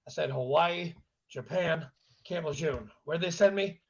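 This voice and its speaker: A man's voice: a little high, unhurried, muffled recording. A man hosting a podcast in casual chat, joking loosely and swearing freely. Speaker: podcast host.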